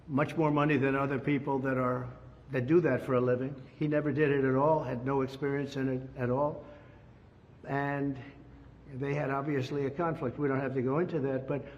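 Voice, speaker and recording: A man's voice: a little high, long reverb tail, lo-fi sound. An older man from the United States giving an emphatic, repetitive press statement as a former president. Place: indoor press room.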